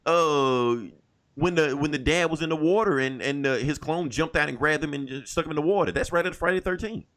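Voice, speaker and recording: A man's voice: on the high side, fairly quick, a bit bright. A man co-hosting a podcast in casual chat, emphatic, swearing freely and laughing. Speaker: podcast co-host.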